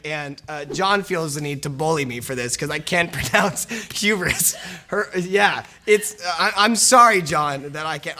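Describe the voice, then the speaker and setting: A man's voice: a little high, sharp tone. A young man and lead actor talking casually in a behind-the-scenes interview, rambling and self-deprecating, laughing easily and joking with the crew.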